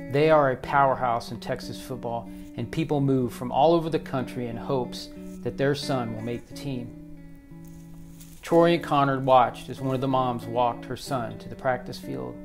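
A man reads a story aloud in a steady, measured narrating voice of middle pitch. Soft guitar music plays faintly under him. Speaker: audiobook narrator. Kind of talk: audiobook narration.

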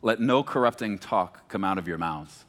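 A pastor from Texas preaching a sermon, moving between hushed, slow emphasis and animated, emphatic passages. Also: male voice, sits low. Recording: long hall reverb.

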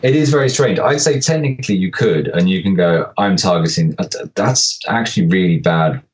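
A man's voice: sits low, animated, a little fast. A man co-hosting a casual podcast chat about tabletop game rules, rambling and correcting himself as he jokes. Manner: rambling, self-correcting, jokey. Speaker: podcast co-host.

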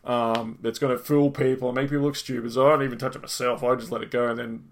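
A man's voice: medium pitch, level tone, fast. A man hosting a podcast, reading an article aloud and then chatting enthusiastically with lots of fillers. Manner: enthusiastic, loose and rambling, with frequent fillers. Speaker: podcast host.

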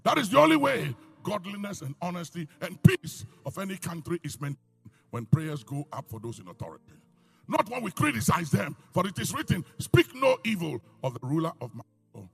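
An older man with a Ghanaian accent preaching a sermon, swinging between loud outbursts and quiet, low asides. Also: very animated, moderate pace, vocal fry, slightly rough, soft background music. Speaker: pastor.

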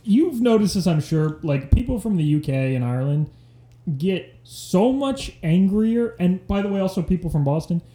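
Lively man spinning stories, slightly high voice, echoey room. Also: moderate pace. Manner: animated storytelling, laughing often. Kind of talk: casual chat.

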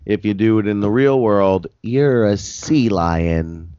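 A man's voice: on the low side, slow pace, dark tone, clean tone, no room sound, dull audio. A man co-hosting a podcast, wry and self-mocking in casual comedy banter. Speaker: podcast co-host.

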